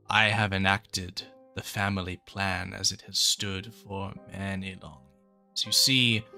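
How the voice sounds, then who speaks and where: A hollow, eerily gentle ghost of an old bearded grandfather, put on by a man running a tabletop game. The voice sits low and bright-edged, unhurried, with faint music behind. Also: vocal fry, exaggerated voice.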